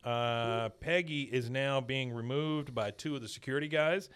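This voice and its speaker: A man casually recapping a cartoon episode, telling the story with lots of laughs and quick jumps into other characters' voices. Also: clean tone. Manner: lively storytelling, acting out lines with big pitch jumps and laughing. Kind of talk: casual chat.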